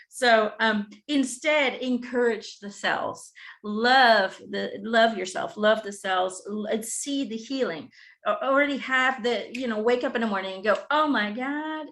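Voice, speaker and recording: Gravelly-voiced woman giving a spiritual reading. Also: medium pitch, a bit bright, rough recording. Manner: relays a guide's messages with frequent "he says" and ums. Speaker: spiritual reader. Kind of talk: channeled spiritual reading session.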